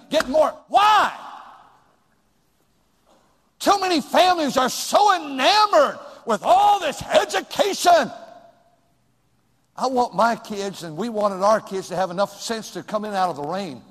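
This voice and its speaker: An older man preaching a folksy sermon, swinging between loud outbursts and quiet asides. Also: sits high, in a large hall. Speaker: pastor.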